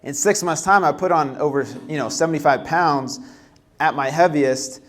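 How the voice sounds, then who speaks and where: A young man presenting at a healthy living workshop, casual and relaxed, with many fillers and restarts. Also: a little high, normal speed. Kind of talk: live presentation talk. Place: workshop room.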